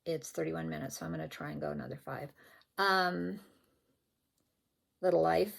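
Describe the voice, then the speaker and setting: A woman's voice: low-pitched, sing-song, moderate pace, vocal fry. An older woman vlogging about her stitching at home, rambling and chatty and often correcting herself as she shows off her threads. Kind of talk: casual show-and-tell chat. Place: at home indoors.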